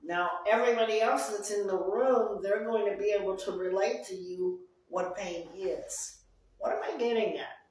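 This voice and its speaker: A woman running a group session in a meeting room speaks at a moderate pace in a mid-range, slightly mellow voice. She's earnest, repeating phrases for emphasis. The mic is distant, leaving her off-mic in a very echoey room.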